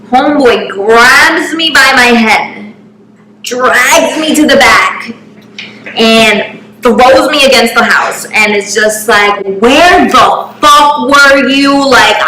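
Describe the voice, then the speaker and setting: A young woman telling a story in a casual, animated way, swearing freely and acting out the people in it. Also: a little high, slow pace, roomy sound, slight background noise, poor audio. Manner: animated, profane, acts out every voice in the story. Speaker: storyteller host.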